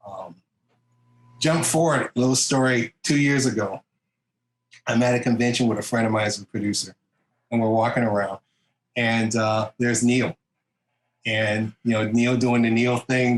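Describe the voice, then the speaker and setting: A man telling stories in a relaxed interview, acting out others' voices and laughing often. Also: on the low side. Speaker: interview guest, comic artist. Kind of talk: casual storytelling interview. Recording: roomy echo, faint background noise.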